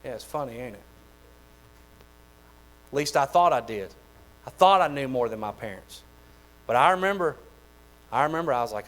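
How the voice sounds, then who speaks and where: A man, preaching a sermon in a folksy, animated way with lots of repeated phrases. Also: mid-range voice, fairly quick, long pauses, poor audio. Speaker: pastor.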